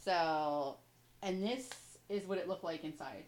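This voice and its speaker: A woman co-hosting a casual talk show, gushing and emotional, quick to tear up as she talks. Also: on the low side, darkish tone, rough recording. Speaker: podcast co-host. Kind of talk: casual chat.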